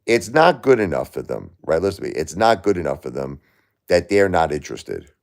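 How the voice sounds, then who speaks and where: A man's voice: sits low, sing-song, fairly quick, creaky. A middle-aged man on a live stream, grieving and confrontational, firing repeated questions back at commenters in chat.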